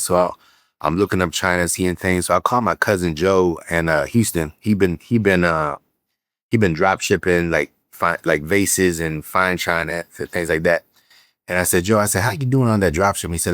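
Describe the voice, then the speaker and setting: A man, a real estate entrepreneur telling animated stories as a podcast guest, acting out the quotes with many fillers and restarts. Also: low voice, normal speed, no room sound, studio quality. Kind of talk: casual storytelling interview.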